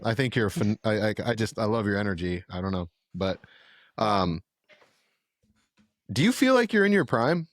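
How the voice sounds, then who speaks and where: A man hosting a podcast, asking halting, stammering questions. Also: on the low side, sing-song, dry recording. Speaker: podcast host. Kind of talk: casual interview chat.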